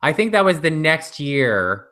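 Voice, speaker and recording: Male co-host, bright tone, rambling chatty delivery full of fillers. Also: on the high side, sing-song, a little slow. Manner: rambling storyteller with many fillers. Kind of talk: casual live chat.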